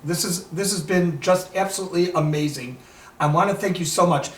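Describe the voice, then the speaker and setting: A male host with a high voice guides an interview, affirming his guest and asking short questions. He sounds distant from the mic. The room around him is echoey. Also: fairly quick, a little hiss or hum. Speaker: host, rabbi.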